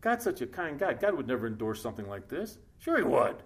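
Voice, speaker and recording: A man preaching a sermon in a conversational, joking way, breaking off to read scripture aloud slowly. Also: medium pitch, sing-song, gravelly. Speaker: pastor. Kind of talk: sermon, Bible study.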